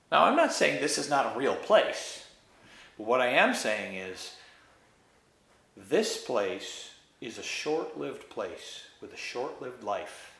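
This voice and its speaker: A man reading a story aloud and preaching on it, expressive and emphatic, in a roomy space. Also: medium pitch. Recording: echoey room.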